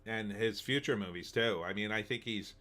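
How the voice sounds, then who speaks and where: A man's voice: on the low side, moderate pace, sharp tone. A man hosting a live movie-talk stream, chatting casually and answering viewer comments in a rambling, opinionated way with lots of ums.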